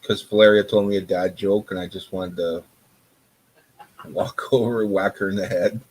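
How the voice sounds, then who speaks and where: A man chatting casually on a live stream, gruff and exasperated. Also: deep voice, steady tone, moderate pace, a little mellow, a little hiss or hum, low-quality recording.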